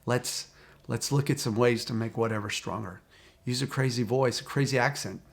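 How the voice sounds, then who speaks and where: A man speaking as a recovery coach, talking straight to the viewer in a calm, repetitive, encouraging way. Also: mid-range voice, moderate pace, creaky. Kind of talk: direct-to-camera coaching talk.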